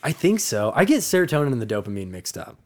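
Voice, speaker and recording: A man's voice: medium pitch, very animated, fast talker, darkish tone. A young adult man and podcast co-host, telling a long rambling story in casual chat and swearing freely.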